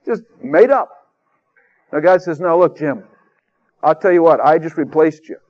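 Man, radio sermon, folksy and emphatic, slightly higher voice, dull lo-fi recording. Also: moderate pace. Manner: folksy, conversational, emphatic preaching. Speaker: preacher.

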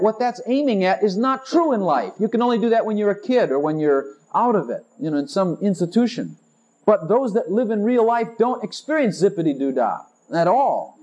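A man's voice: high-pitched, darkish tone. A man preaching a sermon, exuberant and emphatic, breaking into song snatches and laughter. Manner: exuberant, sings snatches, laughs, rapid-fire declarations.

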